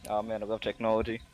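A man's voice: fairly low pitch, darkish tone, no room sound. A man co-hosting a game stream, laughing and bantering casually. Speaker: stream co-host. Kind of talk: casual gaming chat.

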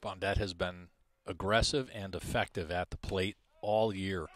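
A man calling a high school baseball game play by play, reading out stats in a measured way. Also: fairly even intonation, a bit bright. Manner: measured, stat-heavy, self-deprecating asides. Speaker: play-by-play announcer.

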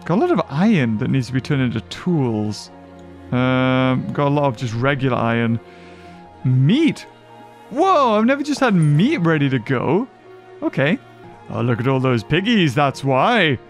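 A man hosting a game playthrough, excitable and chatty, cheering on his game characters and laughing as he plays. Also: mid-range voice, unhurried, faint music behind. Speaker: gaming channel host. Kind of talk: let's play commentary.

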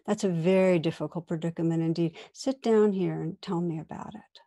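A woman's voice: lowish voice, fairly even intonation, brisk, dry recording, studio quality. A woman quoting a kind elderly man who speaks with heartfelt care. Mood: caring. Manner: gentle, heartfelt. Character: kind old man in a kimono, calm and caring.

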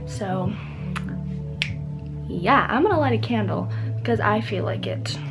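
A teenage girl vlogging casually, bubbly and gushing, with quick asides. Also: medium pitch, animated, vocal fry, over music. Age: teens. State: groggy morning voice. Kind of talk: casual vlog chat.

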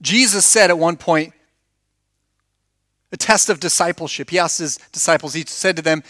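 A man's voice: a little high, moderate pace, pauses often, no room sound, studio quality. A man preaching a conversational sermon as pastor, telling stories animatedly, acting out the dialogue and asking the congregation questions. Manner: animated storytelling, acts out quoted dialogue. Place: church.

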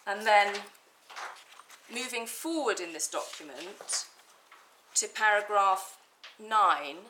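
A woman barrister addresses the bench in a courtroom, building her case point by point. Her voice is bright and crisp, and she leans on key words to stress them. Faint hiss sits under the desk microphone. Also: mid-range voice, animated, slow, low-quality recording. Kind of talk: formal legal argument in court.

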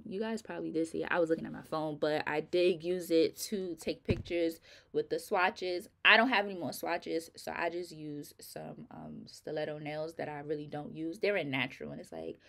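Tired, chatty middle-aged woman vlogger. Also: on the low side. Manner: chatty, rambling, informal, addresses viewers as y'all. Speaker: nail vlogger. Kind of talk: casual chat to viewers.

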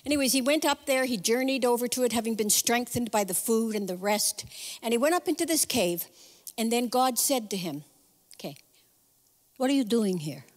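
A woman preaches as a guest speaker, chatty and animated, slipping in personal asides. Her voice sits a bit high, and a long reverb trails each phrase as in a church sanctuary. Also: fairly quick. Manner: lively, conversational storytelling with asides. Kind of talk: sermon.

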